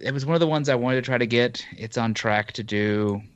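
A man's voice: medium pitch, fairly quick, clear, resonant tone, no echo, muffled recording. A man hosting a podcast in an easygoing, rambling chat. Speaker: podcast host. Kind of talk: casual chat.

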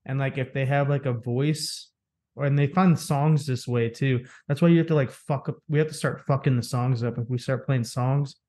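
A man's voice: medium pitch, steady tone, normal speed, a little mellow. A young man co-hosting a podcast, swearing, joking and laughing through casual banter. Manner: profane, jokey, laughs often. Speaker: podcast co-host.

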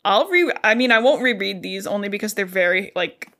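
A woman's voice: medium pitch, expressive, a little fast, sharp tone. Young woman podcast co-host, chatty and blunt, casual book-club talk. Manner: chatty, summarizes plot with offhand opinions.

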